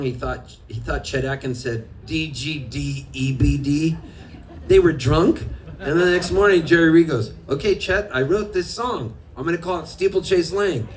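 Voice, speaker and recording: A man telling stories between songs at a live show, animated and self-mocking, often laughing as he talks. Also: on the high side. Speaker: singer-songwriter telling stories on stage. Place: live music venue with an audience. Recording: distant live room recording with crowd. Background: audience and ambient noise.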